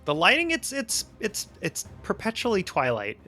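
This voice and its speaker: A man's voice: high voice, wildly swooping pitch, moderate pace, pushed and bright, faint music behind. A man running a tabletop game as dungeon master, narrating loosely with restarts and laughs.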